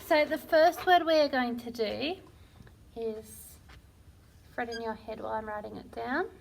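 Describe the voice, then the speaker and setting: A woman teaching a phonics lesson to young children, sounding out words slowly and praising often. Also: a little high, creaky, a little hiss or hum. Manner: slow, sounding out words syllable by syllable; encouraging and praising. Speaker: primary school teacher.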